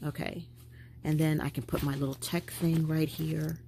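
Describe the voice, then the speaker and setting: Low gravelly woman chatting to viewers. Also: moderate pace, a little hiss or hum. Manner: chatty, animated, talking to viewers while packing a bag. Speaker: vlogger. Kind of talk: casual chat.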